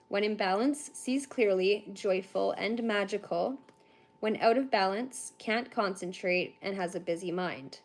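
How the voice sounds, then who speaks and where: Fast-talking, tired young woman. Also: medium pitch. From Canada. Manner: fast-talking, chatty, laughs often, many fillers. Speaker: tarantula reader on a livestream. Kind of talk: casual livestream chat and card reading.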